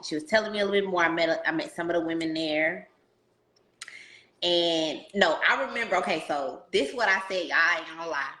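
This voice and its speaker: A woman hosting a casual podcast interview, telling stories in an animated, slangy way and talking to listeners as "y'all". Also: on the low side, brisk, echoey room, a little hiss or hum. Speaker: podcast host.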